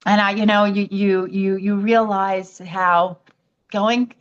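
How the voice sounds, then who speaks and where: A woman's voice: medium pitch, slow pace, clear, resonant tone, lo-fi sound. A woman from the United States, a podcast guest telling a personal story and acting out the voices of other people. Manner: animated storytelling, acts out quoted voices.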